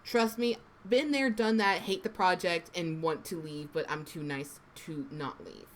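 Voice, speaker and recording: On a casual live stream, a voice actor with an American East Coast accent gives meandering, chatty advice packed with fillers. Her voice is fairly low and a little slow, with slight background noise behind it.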